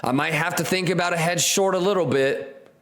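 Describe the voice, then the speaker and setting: A man's voice: sits high, a little fast, a bit bright. A man hosting a live trading stream, hyped and slangy, repeating catchphrases and talking straight to his viewers.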